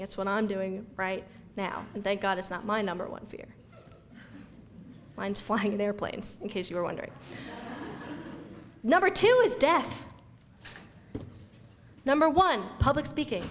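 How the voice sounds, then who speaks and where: A woman giving an energetic, conversational talk to an audience, acting out everyday reactions as she goes. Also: medium pitch, normal speed, a little hiss or hum. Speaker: speaker giving a talk on youth mental health. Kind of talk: lively lecture to an audience. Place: event room before an audience.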